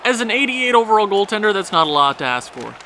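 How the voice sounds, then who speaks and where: A man commentating his own hockey video game session, swinging into frustrated yelling at his goalie. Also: high voice, very animated, fast talker, slight background noise. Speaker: gaming YouTuber.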